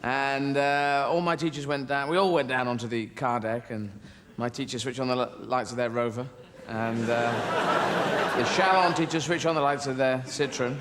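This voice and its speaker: A man's voice: mid-range voice, fairly even intonation, moderate pace. A man doing a rambling, whimsical stand-up routine with playful voices. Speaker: stand-up comedian. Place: large theatre stage. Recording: live hall with loud audience noise.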